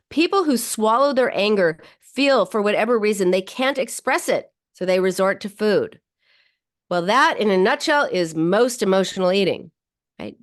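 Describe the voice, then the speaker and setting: A woman psychologist hosts a radio talk show, her voice sitting at an ordinary middle pitch. She speaks in a loose, conversational way, full of restarts and fillers. She leaps up in pitch whenever she acts out the thoughts in people's heads. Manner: animated, jumps higher when voicing inner thoughts.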